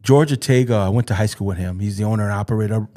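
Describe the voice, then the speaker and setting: A man's voice: fairly low pitch, racing, warm tone. A man speaking as a podcast guest and youth football coach. He tells personal stories earnestly and emotionally, often stopping to repeat and restart his phrases.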